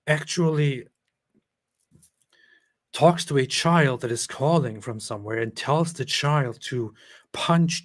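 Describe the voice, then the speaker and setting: A man's voice: medium pitch, no room sound. Sarcastic, chuckling male stream host. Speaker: live-stream host reading chat. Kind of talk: casual live-stream commentary.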